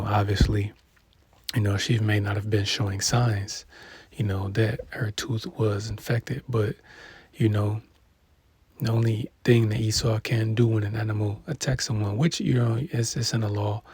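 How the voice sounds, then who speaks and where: A man hosting reaction commentary, rambling and filling every pause with "you know". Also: on the low side, a little mellow, husky, no room sound. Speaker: commentary channel host.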